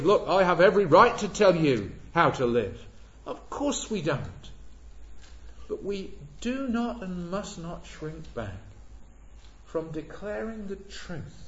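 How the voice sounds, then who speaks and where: Brief: male preacher, fairly high voice, big dynamic swings, sermon in an echoey church hall with dull, lo-fi sound. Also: slight background noise. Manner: swells loud on key words, drops low and soft between.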